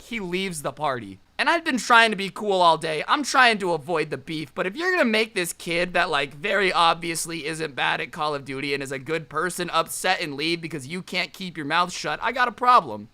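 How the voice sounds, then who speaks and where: A man's voice: a little high, sharp tone. A man telling a story in a casual vlog, with sarcastic joking asides. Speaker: storytime vlogger.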